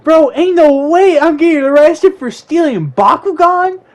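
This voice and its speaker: A man voicing his younger self as a crying little boy, pleading in a high, loud, whiny voice. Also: animated, unhurried. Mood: indignant. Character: panicked crying little boy, second grader.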